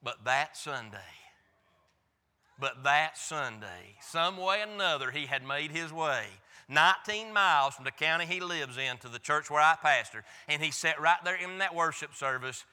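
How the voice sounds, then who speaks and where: A man's voice: on the high side, lively intonation, normal speed, pushed and bright, in a large hall. A pastor preaching a sermon, telling a folksy, emphatic story from his own life. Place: church.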